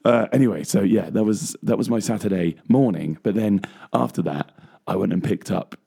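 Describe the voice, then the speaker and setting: A man's voice: fairly low pitch, normal speed, vocal fry, warm tone, husky. A man co-hosting a casual music talk show, rambling with plenty of fillers and frequent laughs. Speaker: co-host, bass player. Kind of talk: casual chat. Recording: radio show studio mic.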